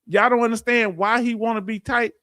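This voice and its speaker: A man commenting on veterans' benefits in a casual, animated way, laughing and talking back at clips. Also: very high-pitched, a little fast, dry recording, clean studio sound.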